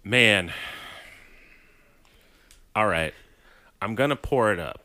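A man's voice: on the low side, lively intonation, slow pace, pushed and bright, dry recording. A man co-hosting a podcast who reacts with sarcastic, profane outbursts, jokes and laughter. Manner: sarcastic and swearing, breaks into joke voices and laughter. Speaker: podcast co-host. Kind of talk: casual chat.

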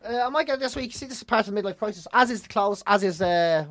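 A man's voice: high voice, animated, fast, a bit bright. A middle-aged man with a Dublin accent, co-hosting a podcast in casual chat, blunt and ranting, swearing freely. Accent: Dublin Irish. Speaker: podcast co-host.

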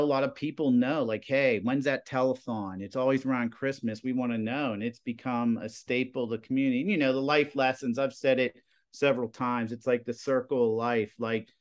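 Chatty middle-aged teacher, rambling. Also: male voice, mid-range voice. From Pennsylvania. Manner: rambling, filler-heavy storytelling with lots of "you know" and "like". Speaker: high school TV production teacher. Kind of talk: casual interview talk.

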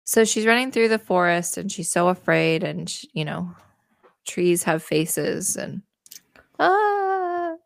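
A woman with a lowish, gravelly voice retells a fairy tale in a loose, chatty way. She breaks in with sarcastic asides. The sound is close and dry. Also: steady tone, a little slow, dry recording. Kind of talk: casual storytelling with commentary.

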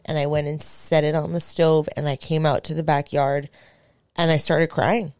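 A young woman hosting a podcast, telling a story in casual chat, animated and swearing, acting out what people said. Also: sits low, moderate pace, clean tone, no echo. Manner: animated, swearing, acts out quotes. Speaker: podcast host.

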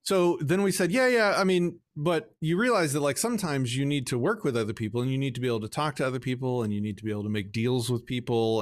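Man, conversational, earnest, explaining, mid-pitched voice. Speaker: parent guest. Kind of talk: casual conversation.

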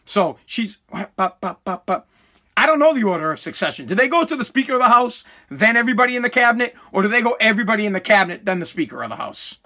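A man's voice: high-pitched, very animated, fast talker, sharp tone. A man ranting about politics, heated and profane, talking to his viewers. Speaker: commentator.

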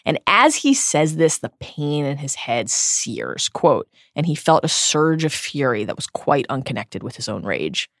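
Woman, earnest storytelling, animated pitch, dry close recording. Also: a little slow, few pauses, no echo. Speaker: podcast co-host. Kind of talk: reading book passages with commentary.

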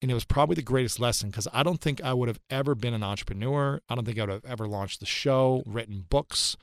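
A man's voice: medium pitch, quick pace, clear, resonant tone, no room sound, studio quality. A man in his thirties, a podcast guest, telling a personal story in an earnest, reflective way and repeating phrases for emphasis. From United States.

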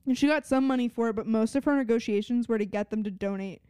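A young woman with a high voice co-hosts a podcast in loose, chatty talk. She rambles with enthusiasm, filling her sentences with "like." She is recorded dry and close to the mic. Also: fast, dark tone, clean tone, no room sound. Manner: chatty, full of "like" fillers, enthusiastic. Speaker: podcast co-host. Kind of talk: casual chat.

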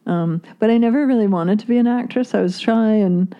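A Canadian-born woman telling her life story as a podcast guest, hesitant and soft-spoken. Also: on the high side, fairly quick, highs cut off. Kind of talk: casual interview chat.

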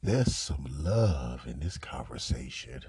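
A man giving casual, profane commentary on a recorded phone call, mocking, repetitive and animated, often laughing and coughing. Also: a bass voice, slow pace, gravelly, slight background noise. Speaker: commentator reacting to a leaked call.

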